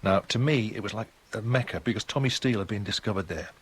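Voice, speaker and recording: A man's voice: fairly low pitch, fast, husky. A man in his sixties with a Geordie accent, a guest on a radio interview who tells long, rambling, chatty anecdotes. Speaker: guest musician.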